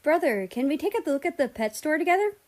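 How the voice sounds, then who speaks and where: A woman's voice: high-pitched, sing-song, quick pace, darkish tone, voice pushed up. A woman voicing an eager younger brother who pouts when he does not get his way.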